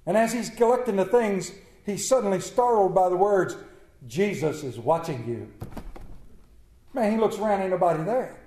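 A man preaching a sermon in an earnest manner, repeating key words and often dropping to a hushed tone. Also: sits high, brisk, hardly any pauses, echoey room, poor audio.

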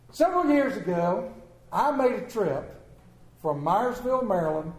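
A man's voice: high-pitched, very animated, a little slow, roomy sound, rough recording. A man preaching a sermon to his congregation in a church, fervent and rising to emphatic peaks as he reads scripture and prays. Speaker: pastor. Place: church sanctuary.

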